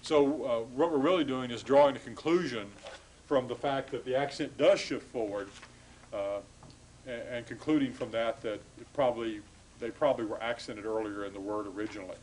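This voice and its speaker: A man's voice: mid-range voice, moderate pace, a little mellow, a little hiss or hum, low-quality recording. A man giving a classroom lecture to students, explaining patiently with frequent hesitations and restarts.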